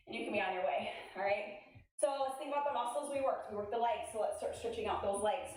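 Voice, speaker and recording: Upbeat woman fitness coach, high voice, heard from a distance in an echoey room. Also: a little mellow. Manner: upbeat, encouraging, chatty cues with laughs. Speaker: fitness instructor. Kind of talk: workout class coaching.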